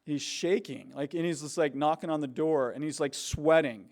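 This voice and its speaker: A man telling stories to university students in a casual, animated way, with many fillers and restarts. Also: a little high, normal speed. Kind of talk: casual storytelling talk. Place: university hall before a student audience.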